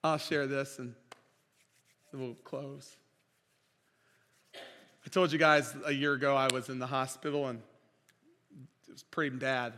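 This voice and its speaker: A man preaching a sermon as pastor, impassioned, swinging between loud declarations and quiet storytelling. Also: mid-range voice, level tone, unhurried, long pauses. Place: church sanctuary. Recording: reverberant church hall.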